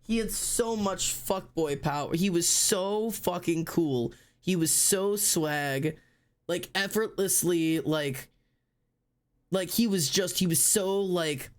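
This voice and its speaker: A woman's voice: fairly low pitch, takes it slowly. A woman streamer chatting casually, ranting and swearing, with dramatic wails of mock despair. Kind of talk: casual live-stream chat.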